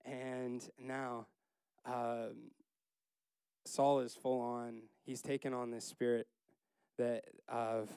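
A man leading a casual Bible study, chatty and laughing, acting out the characters in quick asides. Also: medium pitch, warm tone, smooth, no echo.

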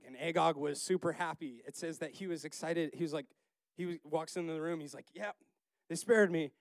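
A man's voice: medium pitch, clear, resonant tone, no room sound. Chatty man leading a Bible study. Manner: chatty, laughing, acts out characters in quotes. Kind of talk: casual Bible study talk.

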